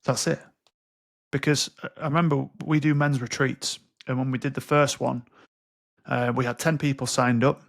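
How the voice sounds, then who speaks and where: A man's voice: mid-range voice, flat delivery, moderate pace, gravelly. A man in his thirties, a podcast guest speaking candidly and bluntly with frequent swearing. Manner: blunt and sweary, acts out quoted dialogue. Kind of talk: candid interview conversation.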